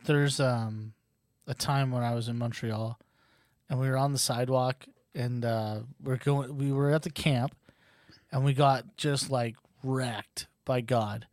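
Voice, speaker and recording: A man guest telling a personal story casually, with many fillers and animated quotes. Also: medium pitch, unhurried, no room sound, clean studio sound.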